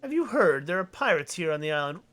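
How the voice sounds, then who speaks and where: A man's voice: a little high, sing-song, fast, a bit bright, faint music behind, pitched above the performer's own voice. A man doing a gossipy village man.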